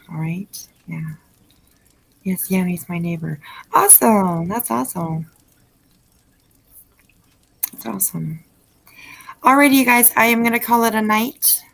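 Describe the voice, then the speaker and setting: A woman's voice: mid-range voice, measured pace, creaky, long pauses, a bit bright, low-quality recording. A woman hosting a late-night livestream, chatting effusively with her viewers and reading their messages with plenty of fillers. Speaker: livestream host reading chat.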